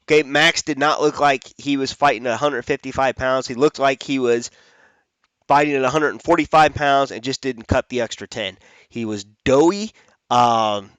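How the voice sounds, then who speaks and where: This MMA fight-picks host has a smooth, fairly bright voice at medium pitch, captured dry. His casual prediction talk is chatty and meandering, full of restarts and self-corrections.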